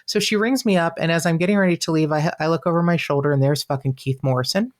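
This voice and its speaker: Animated, foul-mouthed woman storyteller. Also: low voice, quick pace. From Southern California. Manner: animated storyteller, swears freely, acts out quoted voices. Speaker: podcast co-host. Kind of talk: casual chat.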